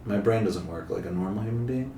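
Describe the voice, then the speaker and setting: A man's voice: on the low side, quick pace, gravelly, mellow. Playful young man hosting, roomy sound. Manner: playful, rambling, quizzing guests. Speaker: podcast host. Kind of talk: casual interview chat. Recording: roomy recording with faint background hum.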